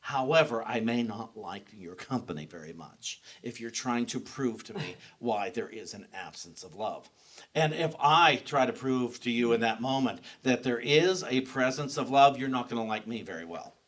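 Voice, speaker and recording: A man's voice: medium pitch, expressive, normal speed, fairly bright tone. A man giving a sermon as pastor, talking in a personal, conversational way and often restarting his sentences. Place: church sanctuary.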